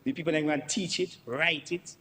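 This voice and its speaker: A man's voice: on the high side, steady tone, moderate pace, sharp tone. A man with a Dominican accent giving an emphatic parliamentary budget debate speech, repeating himself for emphasis and addressing the Speaker. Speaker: member of parliament. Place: parliament chamber. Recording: long chamber reverb with faint background noise.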